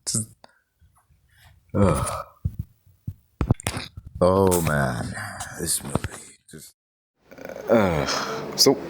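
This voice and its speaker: Exasperated man ranting with lively swings. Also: fairly low pitch, slight background noise. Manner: exasperated, incredulous, swears often. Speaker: movie reviewer. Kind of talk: ranting film review.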